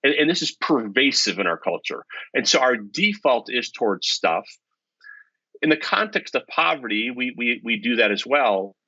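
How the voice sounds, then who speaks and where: Middle-aged guy telling stories, bright husky voice, dull lo-fi sound. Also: medium pitch, normal speed, no room sound. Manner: animated, self-deprecating storyteller. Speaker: guest, economics professor. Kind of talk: storytelling in conversation. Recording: dull lo-fi podcast audio.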